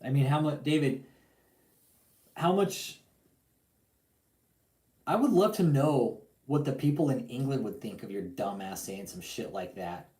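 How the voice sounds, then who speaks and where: Man, talk show host, profane slangy rant, mellow dark tone, roomy echoey recording. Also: mid-range voice, measured pace, pauses often. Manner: profane, animated ranting with lots of slang. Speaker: podcast host. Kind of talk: casual call-in talk show.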